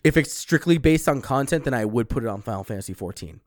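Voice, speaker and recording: A man's voice: mid-range voice, expressive, fast, no echo, studio quality. A young man co-hosting a casual chat, blunt and swearing freely as he reads out lists. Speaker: podcast co-host.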